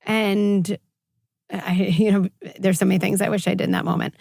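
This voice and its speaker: A woman clinical psychologist in her forties, talking as a guest in an interview and telling stories with lively quoted voices. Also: medium pitch, moderate pace, creaky, no room sound, clean studio sound. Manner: animated storytelling, acts out quoted voices. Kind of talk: conversational interview.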